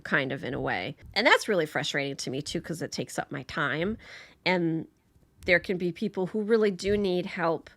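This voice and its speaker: A woman's voice: deep voice, a bit bright, no room sound. A woman talking casually as a podcast guest, laughing often and restarting her sentences as she thinks. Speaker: podcast guest, patient advocate. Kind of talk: casual conversation.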